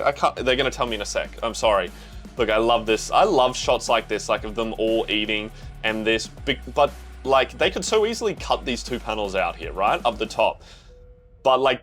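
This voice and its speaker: A young Australian man giving casual, slangy reaction commentary to a manga, talking excitedly to himself and the viewer. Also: mid-range voice.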